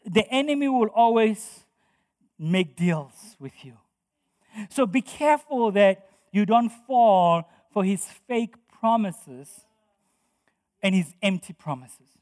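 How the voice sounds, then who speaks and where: A man's voice: sits high, animated, slow pace, darkish tone, in a large hall. A man preaching a sermon as pastor, emphatic and driving home points by repeating his phrases.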